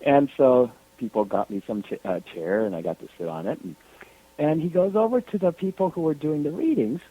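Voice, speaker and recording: A man tells a story on a radio call-in, his voice bouncing up and down as he goes. He sits a bit high for a man, and comes through a thin, tinny phone line. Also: brisk, slightly rough. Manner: animated, lively retelling. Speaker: radio show guest.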